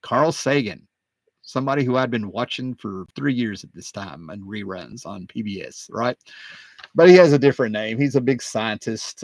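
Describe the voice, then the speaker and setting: A man hosting his own video, talking casually and excitedly, wandering off on tangents with plenty of fillers. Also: mid-range voice, normal speed, dry recording. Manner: excited, digressive, many fillers. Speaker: comic book collector and video host. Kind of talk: casual rambling talk.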